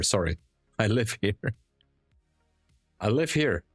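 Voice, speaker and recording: Deep, unhurried Hungarian-accented man. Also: slightly rough, no echo, clean studio sound, faint music behind. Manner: chatty, answers viewers, explains charts calmly. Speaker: day trader streamer. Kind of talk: live-stream chat and trade commentary.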